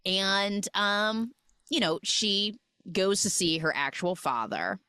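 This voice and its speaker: A woman's voice: medium pitch, slow, clear, resonant tone, no room sound. A woman hosting a podcast, retelling a film's plot in a chatty, casual way full of "like". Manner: chatty, lots of "like", animated retelling. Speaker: podcast host. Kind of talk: casual film recap chat.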